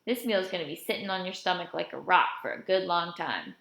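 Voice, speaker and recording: A woman's voice: lowish voice, a little fast, vocal fry, a bit bright. A jovial older man who can't stop teasing, as a woman reads him aloud. He drawls out his jokes with easy, playful timing. The voice carries the ring of a roomy space. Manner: joking, drawling teases. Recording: roomy echo.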